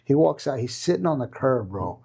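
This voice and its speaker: Speaking fast in a husky, slightly rough, medium-pitched voice, a middle-aged martial arts coach tells a story as a podcast guest. He's animated, keeps acting out what others said, and often repeats himself.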